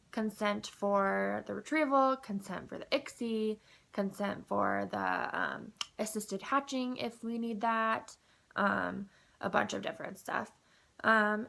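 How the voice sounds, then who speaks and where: Chatty young woman with a gravelly edge. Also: medium pitch. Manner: chatty, lots of ums and likes, excitable. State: groggy after anesthesia. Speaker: vlogger. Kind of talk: casual personal update.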